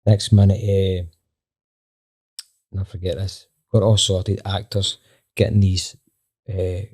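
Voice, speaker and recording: Low, mellow Scottish man telling a story. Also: slow pace. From Scotland. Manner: animated, swears freely, acts out quoted dialogue. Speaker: band member, podcast guest. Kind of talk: casual storytelling anecdote.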